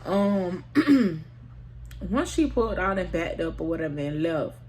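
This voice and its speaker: This storytime vlogger's voice is fairly low and a little mellow, very animated yet at a measured pace. In her casual vlog she candidly tells a personal story in slangy language, often turning straight to her viewers, over slight background noise.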